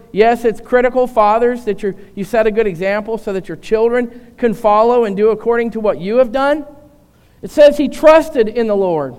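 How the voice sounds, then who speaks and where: A man's voice: very high voice, darkish tone, clear, resonant tone. A man, older, preaching a sermon and putting rhetorical questions to his congregation. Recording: long hall reverb.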